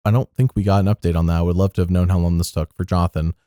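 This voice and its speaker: A young adult man co-hosting a podcast, talking through an episode in a chatty, rambling way and jumping up in pitch for emphasis. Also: steady tone, very fast, mellow, no echo, clean studio sound. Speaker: podcast co-host. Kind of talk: casual recap chat.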